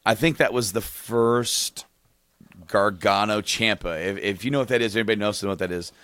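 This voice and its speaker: A man's voice: on the low side, moderate pace, no room sound. Guy telling a long funny story on a podcast, laughing, gets worked up, dry close sound. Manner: rambling storyteller, laughs often, gets excited. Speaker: podcast co-host. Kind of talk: casual chat, telling a story.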